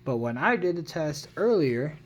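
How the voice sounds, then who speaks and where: A man's voice: a little high, sing-song, moderate pace, highs cut off, a little hiss or hum. Rambling casual tech vlogger, man. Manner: rambling, self-correcting, unsure of his numbers. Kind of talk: casual phone review.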